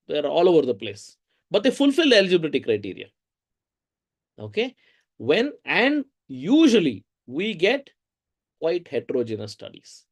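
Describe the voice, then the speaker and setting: A man with an Indian English accent teaching a research methods course in a lively, conversational way, often asking the audience questions. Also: on the high side. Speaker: lecturer.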